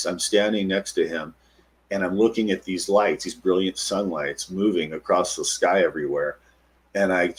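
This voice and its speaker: Low husky man telling a story. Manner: animated retelling, acts out quotes. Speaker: podcast guest. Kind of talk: storytelling interview.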